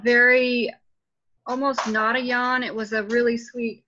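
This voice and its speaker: A bright, fairly high-voiced woman speaks up in a group class, appreciative and hunting for the right words. The sound is dull and lo-fi. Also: flat delivery, measured pace, a little hiss or hum. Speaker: class participant.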